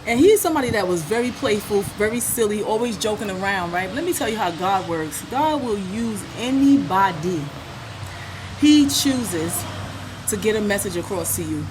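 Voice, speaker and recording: A middle-aged woman telling a personal story to her viewers on a phone, chatty and laughing often, sometimes softening into earnest talk, a bit out of breath. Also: medium pitch, lively intonation, normal speed. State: out of breath and sweaty. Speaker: vlogger. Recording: traffic noise behind her.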